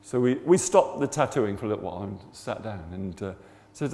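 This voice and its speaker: Gravelly man telling a sermon story. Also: lowish voice, brisk, in a large hall, a little hiss or hum. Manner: animated, acts out the people in his story. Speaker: preacher telling a testimony.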